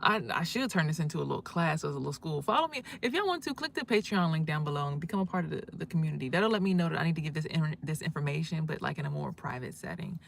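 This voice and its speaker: A woman with a fairly low voice hosts a casual livestream. She gives spiritual advice in a loud, emphatic and preachy way, swearing freely. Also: lively intonation, quick pace, gravelly, hardly any pauses, slight background noise. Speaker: livestream host.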